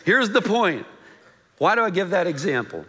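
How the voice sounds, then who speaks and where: A man preaching a sermon to his congregation in a church, animated and conversational, joking with the room as he teaches. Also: sits high, normal speed, in a large hall. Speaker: pastor. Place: church sanctuary.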